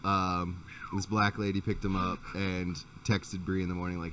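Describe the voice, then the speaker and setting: Low-voiced man telling a profane story. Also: little pitch movement, moderate pace, a bit bright, recorded from a distance, a little hiss or hum. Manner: profane, rambling anecdote with restarts. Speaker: podcast host. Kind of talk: casual chat, storytelling.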